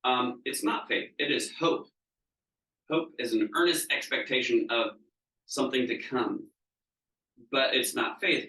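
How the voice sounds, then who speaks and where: A man's voice: medium pitch, bright, forceful tone. A man leads a training session as a business coach, speaking conversationally and often checking whether the room is following. His voice sits in a middle range. He is picked up from some distance in an echoey seminar room. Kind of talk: live training talk to a group. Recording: roomy room, mic at a distance.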